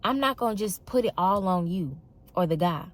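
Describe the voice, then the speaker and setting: Emphatic woman with a low voice. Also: normal speed. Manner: expressive, emphatic, exasperated storytelling. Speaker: vlogger. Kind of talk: casual monologue to camera.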